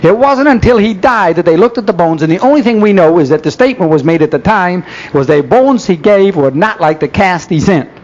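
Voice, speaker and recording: A man's voice: high voice, lively intonation, brisk, hardly any pauses, a little mellow. Man, church lecture, sarcastic rhetorical questions, dull lo-fi 1970s recording. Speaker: speaker.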